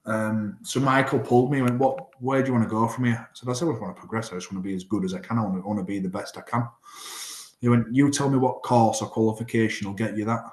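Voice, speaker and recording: A man's voice: lowish voice, quick pace. A man, a rugby player chatting as an interview guest and acting out conversations as he tells stories. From Northern England. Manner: animated storyteller, acts out quoted exchanges. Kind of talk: casual interview chat. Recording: echoey room.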